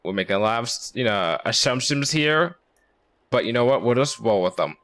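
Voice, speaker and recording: A man's voice: medium pitch, animated, moderate pace, a bit bright. A man streaming a game, commenting casually in a chatty, profane, self-deprecating way.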